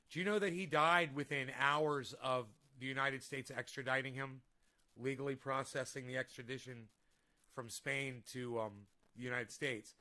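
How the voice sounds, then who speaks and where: Man, casual home stream, rambling, swearing, heated rants, bright tense voice. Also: mid-range voice, fairly even intonation, unhurried, pauses often. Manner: rambling, profane, heated ranting. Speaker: vlogger. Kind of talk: casual live-stream chat. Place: home room with a desk. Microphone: desk microphone.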